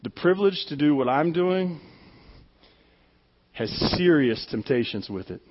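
A man's voice: fairly high pitch, animated, a little slow, in a large hall, muffled recording, slight background noise. A pastor delivering a conversational, emphatic sermon, often repeating his words as he speaks.

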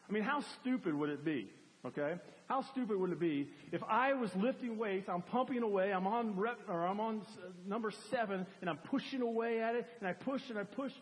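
A man preaching a sermon as a pastor, animated, acting out cries for help to make his point. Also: high-pitched. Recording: long hall reverb.

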